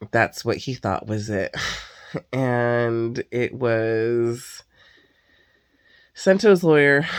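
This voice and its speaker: A woman venting in a casual monologue, swearing constantly, sighing and filling her talk with "like". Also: lowish voice. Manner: heavy swearing, exasperated ranting; sighs and filler "like" often. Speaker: vlogger.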